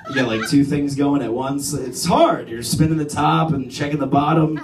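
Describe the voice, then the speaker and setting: A man's voice: fairly high pitch, normal speed, background noise. A young man doing a crude, rambling stand-up set. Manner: crude, rambling, self-deprecating delivery. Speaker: stand-up comedian. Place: comedy club stage. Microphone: phone camera from the audience. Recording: roomy club sound, phone from far off. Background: crowd laughing.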